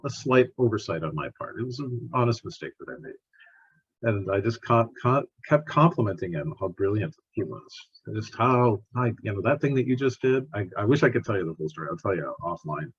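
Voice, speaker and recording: A male scientist tells stories on a podcast in a lively, repetitive way. His voice is low and very husky, rising and falling a lot. The audio sounds muffled. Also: fast. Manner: animated, repeats words while telling stories. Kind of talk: storytelling in conversation.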